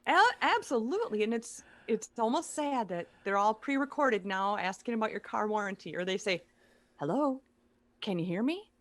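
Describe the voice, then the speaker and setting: A woman guest, a speaker and author, chatting casually with playful, quick comic quips. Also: medium pitch, expressive, no echo. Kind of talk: casual chat.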